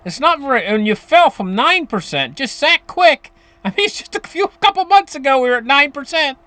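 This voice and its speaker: A man's voice: very high voice, very animated, a little fast, sharp tone, no echo. A man talking casually to his viewers about finances, rambling, restarting sentences and chuckling as he goes. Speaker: finance commentator.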